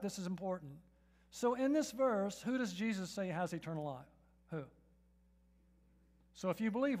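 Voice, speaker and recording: A man preaching a sermon to his church congregation, his voice sitting high. He leans on rhetorical questions and tags lines with "right?" as he speaks to the room. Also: animated, a little fast, darkish tone. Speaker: pastor. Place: church sanctuary.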